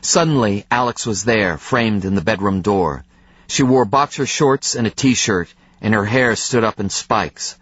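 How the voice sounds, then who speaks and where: Male narrator for a first-person thriller audiobook, measured and tense, dry close sound. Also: on the low side, a bit bright, breathy edge, no room sound, highs cut off.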